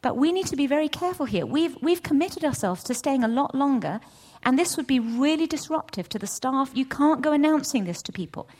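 A middle-aged woman giving a testimony at a church session, storytelling with lively acted-out dialogue. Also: a little fast, hardly any pauses. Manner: animated storytelling, acts out voices with big pitch jumps. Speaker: church speaker. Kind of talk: testimony sermon.

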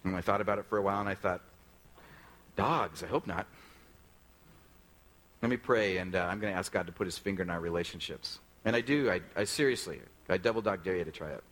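A man's voice: deep voice, very fast, hardly any pauses, fairly bright tone, rough recording. A male pastor preaching a sermon in a conversational way, often putting direct questions to the congregation.

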